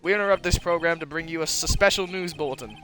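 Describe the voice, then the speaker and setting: A man reading a male TV news anchor's lines in a measured, announcer-like way. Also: a little high, bright, forceful tone, soft background music. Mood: formal.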